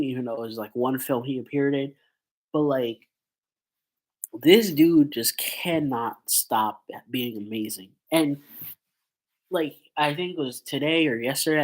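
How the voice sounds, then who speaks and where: A man's voice: mid-range voice, low-quality recording. Guy with a blocked-up nose from being sick, rambling on casually in a vlog, lots of likes and ums. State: stuffy nose from a cold. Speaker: YouTuber.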